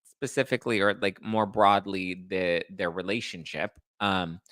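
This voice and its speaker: A man's voice: sits low, steady tone, fairly bright tone, dry recording, clean studio sound. Chatty, sassy man recapping reality TV. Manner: fast, chatty, sassy, throws shade. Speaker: podcast host recapping reality TV. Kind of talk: live stream recap, casual chat.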